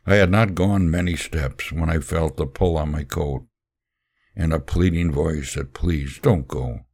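A man reading a first-person story aloud, earnest and unhurried, with occasional fillers and sermon-like asides. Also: rumbling low, steady tone, creaky, darkish tone, no echo, studio quality.

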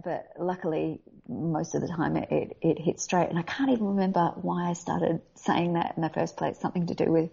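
An Australian actress speaking candidly and animatedly in a casual interview, often laughing. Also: female voice, lowish voice, vocal fry, dark tone, husky. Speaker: voice actor guest. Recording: dull lo-fi audio.

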